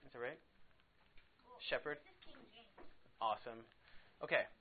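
A man teaching a casual Bible lesson to a class in a classroom, chatty and quick to laugh, saying "like" a lot. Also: mid-range voice. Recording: tinny phone-like sound.

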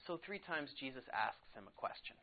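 A man teaching a casual Bible lesson to a class in a classroom, chatty and quick to laugh, saying "like" a lot. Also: medium pitch, expressive. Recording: tinny phone-like sound.

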